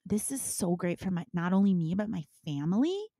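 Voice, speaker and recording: A middle-aged woman speaking as a guest on a podcast, telling frank stories in an animated way that swings from soft asides to loud bursts. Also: fairly low pitch, a little fast, no echo. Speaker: guest, intimacy business owner. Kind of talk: candid podcast interview.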